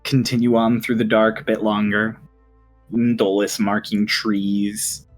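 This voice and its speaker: A man running a tabletop game as game master, setting scenes in a hushed, unhurried way. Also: lowish voice, little pitch movement, faint music behind.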